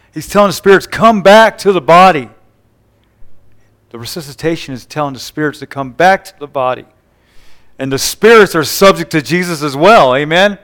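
A man's voice: medium pitch, fairly bright tone, clean tone. A man preaching a sermon, retelling scripture scenes with quoted dialogue and frequent call-and-response asides.

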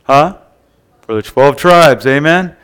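A man preaching a sermon to a congregation in a relaxed, conversational way, often checking in with the room. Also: a little high, slow pace, clear, resonant tone. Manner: conversational, keeps asking the room "Amen?". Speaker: pastor. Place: church service before a congregation.

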